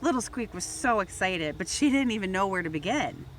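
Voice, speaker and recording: A woman reads a picture book aloud for children with a gentle storytelling manner. Her pitch swings widely as she narrates, and faint background hiss sits under her voice. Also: expressive, brisk. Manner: gentle storytelling, raising voice for toy characters. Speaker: volunteer reader.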